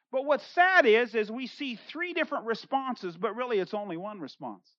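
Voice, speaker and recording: Animated pastor preaching, dull dry recording. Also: normal speed, hardly any pauses, no room sound. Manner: animated, acts out the quoted speakers with big swings in pitch and loudness; conversational, paraphrases in everyday words. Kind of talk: expository sermon, reading and explaining scripture. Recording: dull lo-fi sound.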